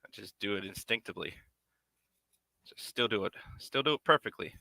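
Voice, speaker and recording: A man's voice: on the low side, lively intonation, fairly quick, vocal fry, bright, forceful tone, dry recording. A man making a puppet on a live stream, rambling casually and half to himself as he works. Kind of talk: casual live-stream chat while working.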